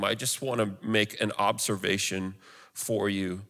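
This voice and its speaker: A man's voice: fairly low pitch, fairly even intonation, moderate pace, creaky, pushed and bright, big-room sound. A male pastor preaching a sermon in an earnest, conversational way.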